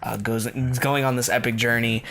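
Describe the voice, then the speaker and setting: A man's voice: medium pitch, level tone, moderate pace, a bit bright. A man hosting a music podcast, chatting casually in a loose, rambling way and laughing easily. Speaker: podcast host and album reviewer.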